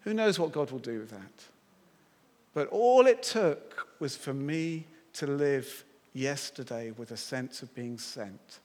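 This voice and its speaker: A male preacher telling a personal story in a sermon, animated and acting out his own thoughts. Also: mid-range voice. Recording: long hall reverb.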